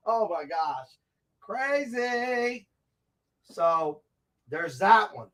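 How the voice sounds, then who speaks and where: A man hosting a casual gaming-store segment, chatty and excitable as he shows off products, with frequent asides, recorded inside a comic and game shop. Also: sits high, normal speed. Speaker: host of a tabletop gaming segment.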